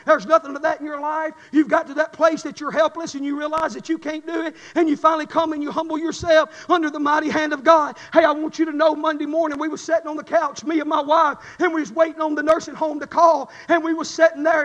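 Fervent high-voiced preacher. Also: male voice, in a large hall, muffled recording. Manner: fervent preaching that swings from quiet to shouting. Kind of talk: sermon.

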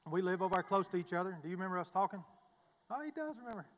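A man giving a halting, folksy, self-deprecating testimony from the pulpit of a church. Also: sits high, lively intonation, a bit bright, long reverb tail, highs cut off, a little hiss or hum. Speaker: preacher. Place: church sanctuary.

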